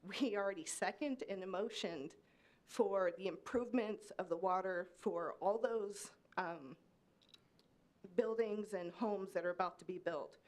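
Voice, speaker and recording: A woman's voice: mid-range voice, measured pace, a little mellow. A woman from Kansas speaking during public comment at a city meeting, pleading and emotional, her voice rising. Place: city commission meeting room.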